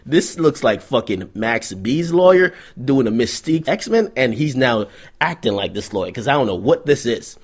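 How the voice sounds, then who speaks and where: A man's voice: medium pitch, sing-song, moderate pace, husky. A young adult man hosting a vlog, ranting through hip-hop news commentary in a profane, sarcastic, storytelling manner.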